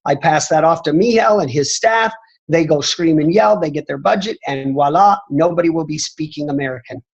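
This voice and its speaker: A man gives a motivational talk on a training call, leaning hard on his points and repeating them for emphasis. His voice sounds a little husky. The audio is dull and muffled. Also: fairly high pitch, moderate pace. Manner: emphatic, repeats "I'm telling you". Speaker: company executive answering questions.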